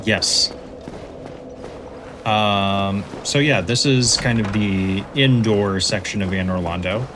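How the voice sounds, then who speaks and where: A man's voice: lowish voice, takes it slowly. Casting: laid-back male gamer explaining a game with dry humor; noticeable noise behind him. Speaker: host, let's play commentator. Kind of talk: casual gameplay commentary.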